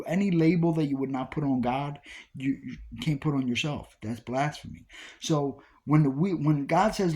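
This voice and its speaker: A man's voice: mid-range voice, a little mellow. A man giving an informal Bible study talk, repeating key phrases with emphasis as he preaches. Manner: repetitive, emphatic preaching with restarts.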